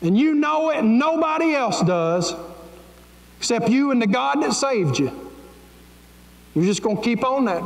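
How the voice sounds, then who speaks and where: A man's voice: extremely high pitch, expressive, measured pace, creaky, pauses often. A man preaching a fervent, pleading sermon as pastor of his church. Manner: fervent, pleading, folksy preaching with Southern grammar. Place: church sanctuary. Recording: echoey church sanctuary with long reverb.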